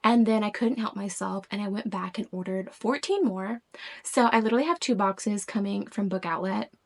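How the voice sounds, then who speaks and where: A woman, chatting excitedly about her books and now and then dropping to a whisper. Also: medium pitch, moderate pace. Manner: gushing, excitable, drops into whispers. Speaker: book vlogger. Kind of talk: casual book haul chat.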